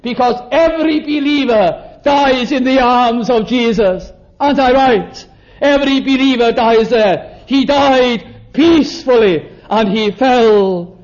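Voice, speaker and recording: A man's voice: extremely high pitch, darkish tone. A man preaching a sermon, dramatic and emphatic, acting out the voices he quotes. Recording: dull lo-fi recording.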